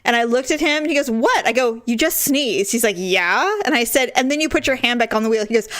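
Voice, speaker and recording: Animated woman telling a story. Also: fairly high pitch, a little fast, few pauses, dry recording. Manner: animated, acts out quoted voices, laughs often. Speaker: podcast co-host. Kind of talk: casual storytelling chat.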